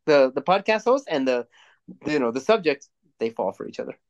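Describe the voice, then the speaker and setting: A man's voice: medium pitch, fairly quick, muffled recording. A young man co-hosting a podcast, rambling through movie reviews in casual chat with plenty of swearing. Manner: rambling, profane, animated storytelling. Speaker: podcast co-host.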